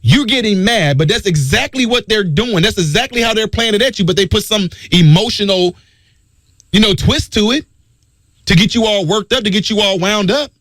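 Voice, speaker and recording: A man's voice: high voice, lively intonation, moderate pace, fairly bright tone, dry recording, studio quality. A man hosting a talk radio show, delivering an emphatic, preachy monologue and repeating his key phrases.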